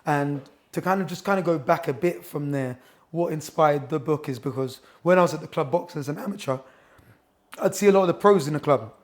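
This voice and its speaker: A man's voice: on the high side, fairly quick. A man in his thirties, a boxing coach and author, telling stories as a chatty, enthusiastic guest in a gym. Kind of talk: casual interview chat.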